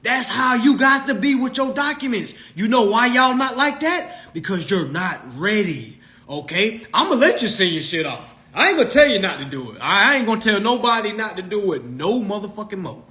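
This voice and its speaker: Loud, lively, profane man ranting. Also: high voice, moderate pace. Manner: profane, mocking, animated. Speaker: consumer law coach. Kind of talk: ranting monologue to followers.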